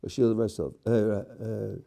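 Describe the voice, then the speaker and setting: In a fairly low, creaky, mellow voice with a steady tone, a middle-aged rabbi lectures his class on prayer at normal speed. He explains one step after another, asks his students questions, and often stumbles into restarting words.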